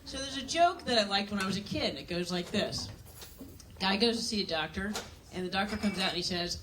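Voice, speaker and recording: A woman's voice: mid-range voice, lively intonation, a little fast, far from the mic, noisy background. A woman doing a stand-up comedy set on a club stage, telling dry, self-mocking stories and acting out other people's voices.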